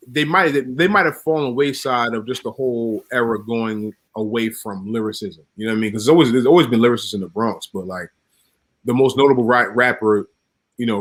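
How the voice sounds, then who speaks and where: A man co-hosting a casual podcast chat, telling stories with laughter and quick restarts. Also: on the low side, a bit bright. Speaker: podcast co-host.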